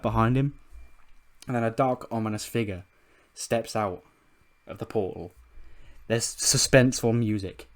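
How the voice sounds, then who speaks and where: A man's voice: lowish voice, measured pace, pauses often. A man casually narrating a wrestling management game in a loose, rambling way, swearing freely. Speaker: let's play creator.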